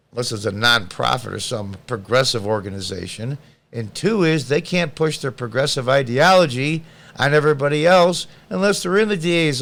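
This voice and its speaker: Man, podcast host, sarcastic, blunt, combative, political commentary, mid-pitched voice. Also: vocal fry. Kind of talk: political commentary reading news aloud.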